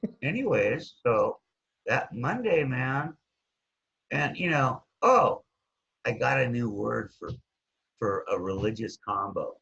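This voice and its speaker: Husky, animated man telling his story. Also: slow pace, long pauses. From Hawaii. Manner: animated, jumps up and down in pitch, trails off with "anyways". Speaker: guest. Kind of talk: casual storytelling. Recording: dull lo-fi sound.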